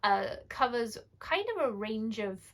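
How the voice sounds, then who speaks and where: A British woman in her forties, host of a casual horror book-review vlog, chatty and candid, rambling with quick self-corrections and asides. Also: a little high, expressive. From United Kingdom.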